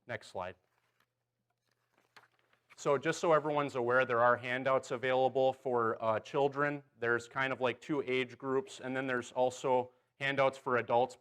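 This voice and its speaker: A man's voice: mid-range voice, fairly bright tone, clear, resonant tone. A man leading a Bible class in a church auditorium, guiding volunteers and checking in often with "okay" and "right.".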